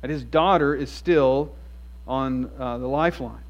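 A male pastor preaching an expository sermon in a church, earnest and story-driven, moving between emphatic and hushed delivery. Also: medium pitch, unhurried. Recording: dull lo-fi sound.

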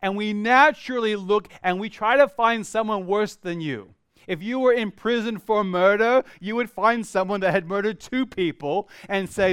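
A middle-aged man preaching a sermon in a church, acting out the quoted voices and swinging from loud to very quiet. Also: sits high, moderate pace, clean tone, dry recording, studio quality. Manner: dramatic, acts out quoted voices, varies loudness widely. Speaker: pastor.

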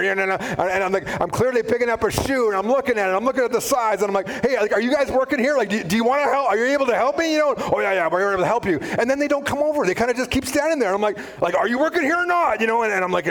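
Pastor guy preaching, kinda high voice, chatty and animated. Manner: conversational, animated preaching with many asides. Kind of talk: sermon.

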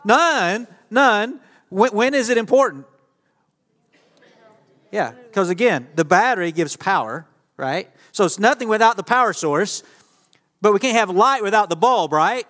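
High-voiced pastor in a reverberant hall. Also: male voice, expressive, normal speed, pauses often, a bit bright. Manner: playful, joking with the audience. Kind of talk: interactive sermon with volunteers. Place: church stage. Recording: long reverb of a church hall.

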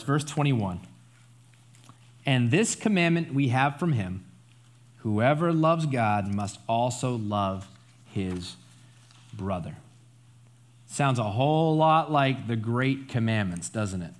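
A man preaching a Bible study sermon in a conversational, emphatic way, often adding asides and tag questions. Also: medium pitch. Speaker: pastor.

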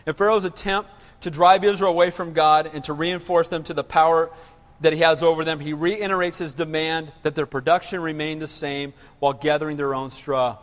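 A man preaching a sermon in an animated call-and-response manner. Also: on the high side, brisk. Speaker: pastor. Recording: reverberant hall.

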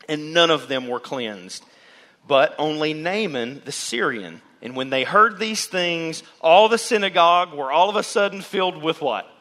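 A man preaching a sermon to his church as pastor, animated, and he acts out the voices of the people in the pews. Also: fairly high pitch. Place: church sanctuary.

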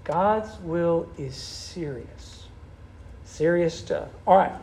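A man preaching a sermon in an animated, conversational way, with a gravelly voice. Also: fairly high pitch, drawn-out words. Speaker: pastor.

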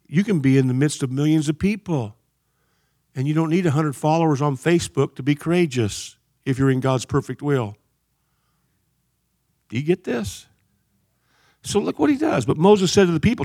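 A man preaching a sermon in an animated way, jumping between loud shouts and quiet asides. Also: on the high side, no echo, studio quality.

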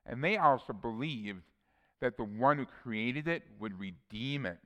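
A man's voice: medium pitch, lively intonation, a little slow, fairly bright tone, in a large hall. A man preaching a sermon, earnestly reading scripture verses aloud with personal asides.

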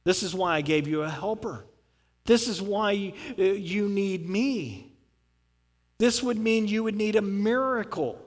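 A man voicing a patient, loving God in a sermon, speaking gently and reassuringly. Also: high voice, measured pace. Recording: long reverb from a large hall.

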